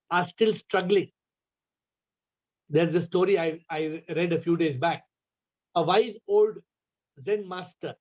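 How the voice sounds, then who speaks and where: A man's voice: high-pitched, a little mellow. A man with an Indian English accent gives a spiritual talk on a video call, asking his listeners question after question. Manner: asks the audience repeated questions. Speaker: spiritual teacher. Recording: dull lo-fi call audio.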